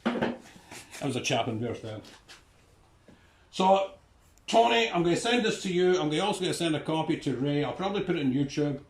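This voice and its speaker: A man's voice: a little high, lively intonation, moderate pace, long pauses. A man with a Scottish accent, chatting casually about his classic car projects in his garage and telling rambling anecdotes. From Scotland. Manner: chatty storytelling, rambling asides. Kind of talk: casual walkaround narration.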